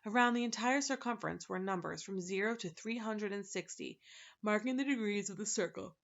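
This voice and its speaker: Woman, read-aloud narration, relaxed, creaky, dull recording. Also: medium pitch, brisk. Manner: relaxed, laughs at her slips. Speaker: reader of a children's book.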